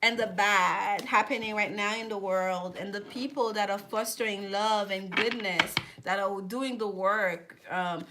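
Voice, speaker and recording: A woman's voice: medium pitch, steady tone, measured pace, hardly any pauses, heavy background noise. A woman giving a live tarot reading, chatting with viewers and often repeating herself. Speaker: tarot reader.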